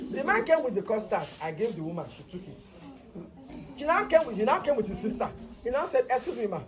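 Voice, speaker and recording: A woman nurse with a Nigerian accent telling a comic story about her work, in an animated way and mixing in Yoruba words. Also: fairly high pitch, a little fast.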